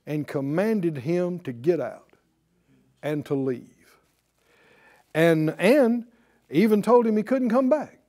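A man preaching a sermon as pastor, animated and asking the congregation rhetorical questions. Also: high voice, slow pace, long pauses.

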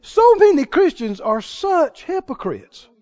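A male preacher with a very high, lively voice that swings all over the place. He tells his stories in a folksy way and then presses his point hard. The recording is dull and lo-fi. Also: unhurried. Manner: folksy storytelling, rising to emphatic exhortation. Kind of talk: sermon.

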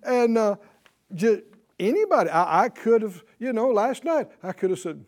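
A middle-aged man delivers a sermon in a high, swooping voice. He chuckles through his lines and mocks whiny complaints. He drops to a near hush and then bursts out loud. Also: big pitch swings, normal speed. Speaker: preacher.

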